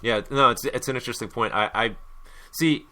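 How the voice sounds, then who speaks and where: A man's voice: mid-range voice, fairly quick, pushed and bright. A young American man hosting a casual sports chat, hungover and rambling with lots of fillers and restarts. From United States. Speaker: podcast host.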